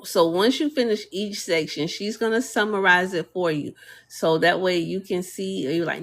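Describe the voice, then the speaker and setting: A woman's voice: fairly low pitch, moderate pace. A woman hosting a casual live tutorial, chatting with viewers and reading their comments aloud, with easy fillers and laughter. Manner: chatty, talks to viewers and reads chat aloud. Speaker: live stream host demonstrating a design tool. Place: home desk, streaming live.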